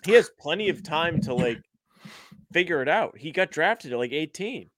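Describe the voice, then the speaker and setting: A man's voice: a little high, lively intonation, moderate pace, a bit bright. A man co-hosting a sports podcast, chatting casually in a blunt, sarcastic, profane way. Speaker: podcast co-host.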